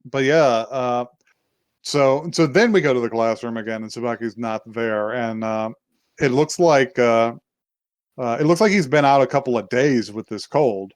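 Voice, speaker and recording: A man's voice: mid-range voice, moderate pace, dry recording, studio quality. A man co-hosting a podcast, rambling through an anime recap with lots of laughs and little acted-out voices. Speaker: podcast co-host. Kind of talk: casual chat recapping an anime.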